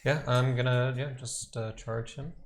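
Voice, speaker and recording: A man's voice: mid-range voice, steady tone, unhurried, slight background noise. A young man playing a tabletop game, casual and joking, thinking aloud over his dice. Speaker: player.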